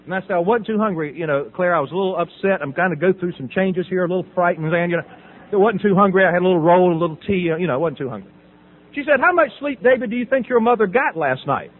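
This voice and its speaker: A man's voice: sits high, racing. A middle-aged man from the American South tells his recovery story, acting out conversations and laughing often. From Southern United States. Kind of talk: personal testimony talk. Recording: tinny phone-like audio.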